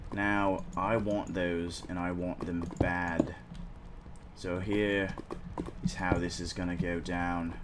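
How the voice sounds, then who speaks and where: A man giving casual gameplay commentary as host, excitable, swearing casually and talking to himself. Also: sits low. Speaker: let's play host. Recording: clear background noise.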